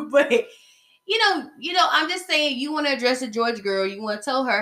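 Recorded in an echoey room, a Southern woman hosts a podcast with a high, fairly bright voice at normal speed. Her casual monologue dishes reality TV gossip in a blunt, chatty way, heavy on slang and fillers.

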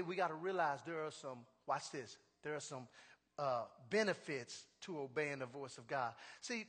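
A male pastor preaching a sermon, stressing his points with repeated refrains and building to shouts. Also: a little high, husky, big-room sound.

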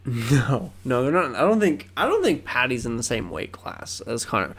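Young male podcast co-host, gravelly, loose and rambly, casual swearing. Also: mid-range voice, big pitch swings, normal speed. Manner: rambling, swears, lots of fillers and restarts. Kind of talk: casual chat.

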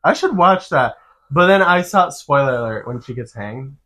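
A man co-hosting a casual podcast chat, animated and laughing as he retells scenes, saying "like" a lot. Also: medium pitch, moderate pace. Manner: animated, laughing storyteller who says "like" a lot. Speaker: podcast co-host.

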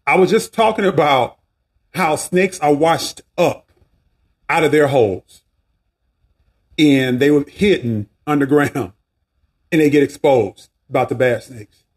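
A man with a Southern accent hosting a faith podcast, talking casually and preachily, with restarts, asides and a voice that rises and falls a lot. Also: breathy edge. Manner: preachy, animated, swinging pitch, asides and restarts. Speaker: podcast host.

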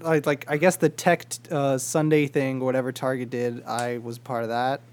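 A young podcast co-host tells a story in a casual, animated chat, swearing freely. His voice is medium in pitch and his pace is moderate.

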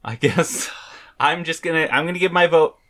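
A man's voice: on the high side, normal speed, a bit bright. A man from the United States co-hosting a podcast, talking casually, laughing often and trailing off mid-thought. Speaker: podcast co-host. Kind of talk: casual chat.

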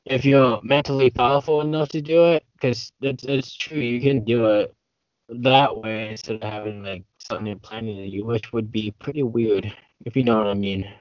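A man's voice: mid-range voice, steady tone, normal speed, no room sound. A man talks loosely as a podcast guest, piling on fillers as his thoughts wander. His voice comes through dry and close, and the internet call makes it sound muffled and lo-fi. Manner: rambling, heavy on fillers. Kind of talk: casual chat over a call.

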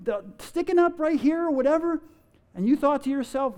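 With an extremely high pitch and a darkish tone, this man preaches briskly and with animation. He launches rhetorical questions at his listeners, acts out everyday quotes for fun, and chuckles.

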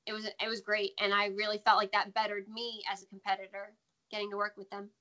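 Bright-voiced American woman, laughing. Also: medium pitch, fast. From United States. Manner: chatty, laughs often, animated. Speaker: guest, former wrestler. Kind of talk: casual interview chat.

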